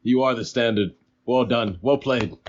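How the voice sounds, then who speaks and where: A man's voice: medium pitch, moderate pace, dull audio, slight background noise. A man co-hosting a podcast in casual chat, joking and acting out quotes. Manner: animated, joking, acts out quotes. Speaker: podcast co-host.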